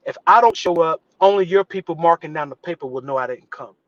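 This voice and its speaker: A man's voice: a little high, quick pace, no room sound, highs cut off. A man, an actor guest on a live interview show, telling a story and acting out the voices of the people in it. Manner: animated, acts out quotes with voice shifts.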